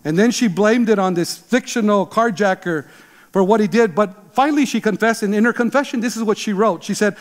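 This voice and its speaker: A man in his sixties, a pastor, preaching an emphatic, animated sermon. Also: sits high, brisk, big-room sound. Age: 60s. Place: church sanctuary.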